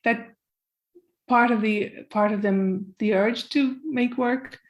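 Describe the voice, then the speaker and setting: A woman's voice: a little high, fairly even intonation, slow pace, lo-fi sound. A woman from Ireland, a comics author who is a guest on an interview and talks in a chatty way, with phrases that trail off and easy laughter. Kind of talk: casual conversation.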